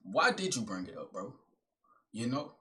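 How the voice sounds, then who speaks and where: A calm, reasoning inner self speaks low and quietly, weighing each question in a measured way, as a young man puts it on. It sounds restrained and soft, like someone thinking aloud.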